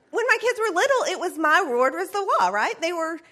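Middle-aged woman, high and expressive, animated church-class storyteller. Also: a little fast, hardly any pauses. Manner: chatty, animated, laughs often. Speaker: church parenting class speaker. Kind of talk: storytelling talk.

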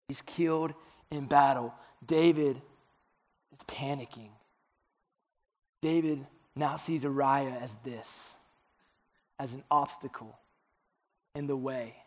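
Young guy preaching a sermon, kinda high voice, storytelling, goes quiet and low on the heavy parts. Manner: storytelling, dropping low and soft for confessions, rising for questions. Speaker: pastor.

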